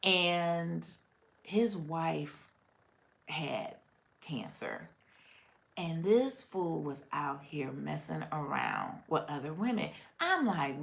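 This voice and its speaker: A woman hosts a casual live chat, answering viewers and laughing often. Her voice is bright, with lots of melody, and she talks unhurriedly. The sound rings in an echoey room. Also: fairly low pitch, vocal fry. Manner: chatty, laughs often, reads viewer comments. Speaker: livestream host.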